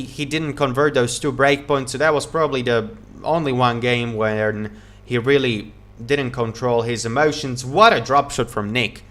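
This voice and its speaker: A man giving live play-by-play tennis commentary, calling each shot quickly and getting excited at big points. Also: mid-range voice. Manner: excited, calls shots rapidly, repeats praise.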